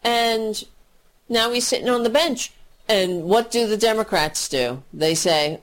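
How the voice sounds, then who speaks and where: Slow, profane ranting woman. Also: on the high side. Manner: profane, exasperated, mocking. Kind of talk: political commentary rant.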